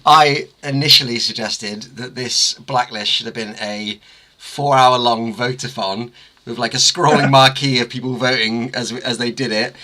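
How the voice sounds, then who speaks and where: Man, bright voice, jokey asides, casual chat. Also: medium pitch, steady tone. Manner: jokey, chimes in with quick asides. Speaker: band member co-hosting a livestream.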